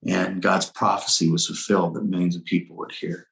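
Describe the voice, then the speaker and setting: This middle-aged pastor has a deep, creaky, slightly bright voice, level in tone and fairly quick. As a guest in an interview, he earnestly tells his personal testimony, quoting dialogue and shifting pace, with roomy echo on the recording.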